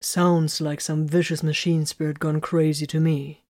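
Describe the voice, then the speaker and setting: A woman reading the lines of a cheerful, confident young male warrior in a storybook reading, reasoning slowly and deliberately. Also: low voice, flat delivery, darkish tone.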